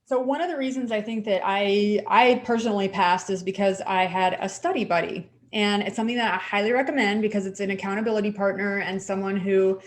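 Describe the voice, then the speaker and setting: A woman co-host chats on a podcast with lively, encouraging energy. She speaks casually and often fills her sentences with "like". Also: medium pitch, a little fast, few pauses. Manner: animated, encouraging, says "like" often. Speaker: podcast co-host, dental hygienist. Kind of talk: casual chat.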